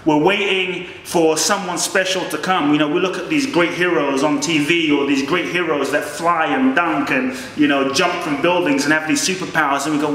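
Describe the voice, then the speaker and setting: A man giving an impassioned motivational speech as a life coach, telling a story with feeling. His voice sits a little high and sounds bright and forceful. It rings out through a big echoey hall with a long reverb tail. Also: steady tone, normal speed, hardly any pauses, recorded from a distance, a little hiss or hum.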